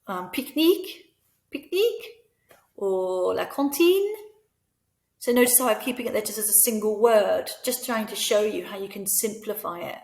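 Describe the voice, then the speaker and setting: A woman teaching French to fellow teachers, patiently explaining and slowly modelling each word. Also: medium pitch, animated, creaky, darkish tone, roomy sound. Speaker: teacher trainer. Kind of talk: instructional voice-over lesson.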